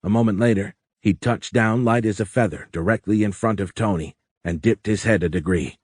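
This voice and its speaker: A man narrating an audiobook in a steady, even storytelling delivery. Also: fairly low pitch, a little fast, breathy edge, no room sound, clean studio sound. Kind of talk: scripted narration.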